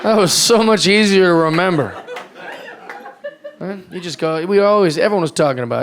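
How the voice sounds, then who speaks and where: A man's voice: sits high, brisk, creaky. A man in his thirties doing a stand-up comedy set, with a loose, rambling delivery and acted-out voices, recorded live on a club stage with a handheld mic. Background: audience laughter.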